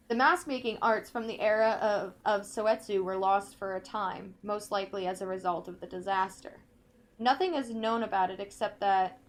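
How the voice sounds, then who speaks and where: A woman playing a video game, reading in-game notes aloud slowly and carefully, breaking off now and then to comment. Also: medium pitch. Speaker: let's play gamer.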